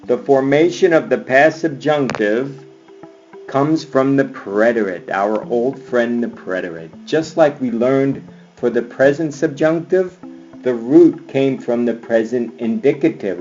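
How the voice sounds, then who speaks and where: Man teaching a lively grammar lesson. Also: mid-range voice, dull audio. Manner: upbeat, chants endings like a cheer. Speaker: Spanish teacher. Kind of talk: screen-recorded grammar lesson. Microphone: computer mic on screencast.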